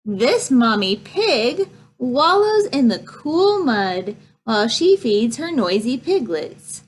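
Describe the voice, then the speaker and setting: A woman reads picture books aloud for preschoolers, very slowly, in a sing-song voice. Her pitch sits somewhat high and swings widely as she acts out animal sounds. The tone is soft and a little breathy. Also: big pitch swings. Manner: slow, sing-song reading with animal noises. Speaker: children's librarian. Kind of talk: preschool storytime read-aloud.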